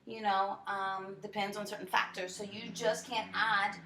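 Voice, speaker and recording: A woman's voice: mid-range voice, flat delivery, moderate pace, roomy sound, noisy background. A woman teaching a language lesson to a class, explaining step by step with frequent fillers and checks like "right?". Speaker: French teacher.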